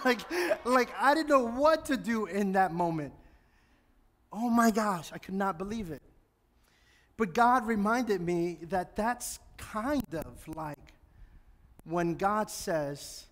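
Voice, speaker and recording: A man's voice: high voice, expressive, slow pace, a bit bright. A man with an American accent, a pastor delivering a sermon, telling a funny story and building to passionate emphasis. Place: church sanctuary. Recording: long hall reverb in a church.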